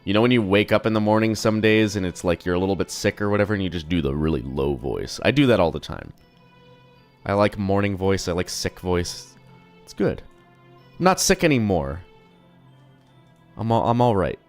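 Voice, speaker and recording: A young man streams from his desk at home, rambling and swearing casually with a self-deprecating streak. His voice sits a bit low and sounds slightly sick, and faint music plays under him. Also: lively intonation, fairly quick, clear, resonant tone. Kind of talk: casual live-stream chat.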